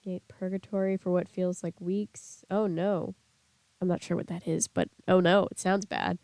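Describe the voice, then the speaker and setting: In a casual live stream, a young woman talks with her audience at a normal speed, reading chat messages out loud and frequently laughing despite a lingering cough that makes her sound a little ill. Her voice is fairly low, level, and darkish, with no echo.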